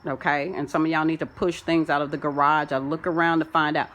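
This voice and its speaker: A woman's voice: low voice, level tone, brisk, few pauses, fairly bright tone. A woman vlogging from home, rambling through a preachy spiritual monologue full of folksy sayings.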